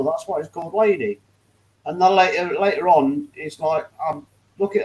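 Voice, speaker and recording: High-voiced British man telling jokes. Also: brisk, a little hiss or hum, rough recording. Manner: animated joking storyteller. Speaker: hangout participant. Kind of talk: casual chat.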